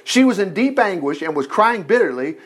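A man's voice: high voice, very animated, brisk, husky. A man retelling a Bible story in a folksy sermon, breaking off for jokey asides and acting out the characters. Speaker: preacher teaching a Bible lesson.

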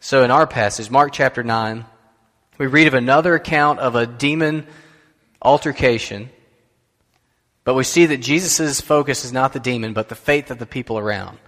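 A man preaches a sermon in a relaxed, conversational way and often turns to the listeners with questions. His voice sits at an ordinary middle pitch. A long reverb trails after his words, as in a large church hall. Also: moderate pace. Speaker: pastor.

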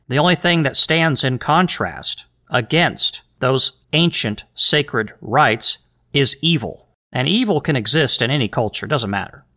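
Bright-voiced man hosting a podcast. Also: mid-range voice. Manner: earnest, emphatic, rhetorical questions; repeats words and restarts phrases. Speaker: podcast host. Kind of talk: solo podcast monologue.

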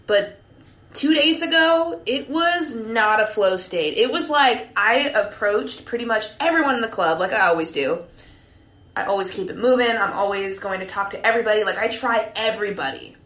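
A woman's voice: mid-range voice, moderate pace. Profane, chatty young woman, echoey room. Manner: candid, profane, animated storytelling with frequent "like". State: a few drinks in. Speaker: podcast host. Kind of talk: casual monologue.

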